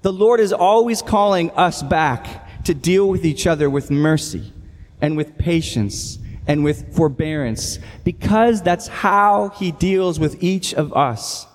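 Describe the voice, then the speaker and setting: Guy pastor preaching, kinda high voice, long echo like a big hall. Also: slow pace. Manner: earnest preaching, reading scripture aloud with emphasis. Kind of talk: sermon.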